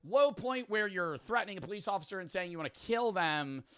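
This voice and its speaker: A man's voice: high-pitched, animated, a little fast, pushed and bright, clear, resonant tone. A man streaming a reaction to a video, chatting casually and joking with quoted asides.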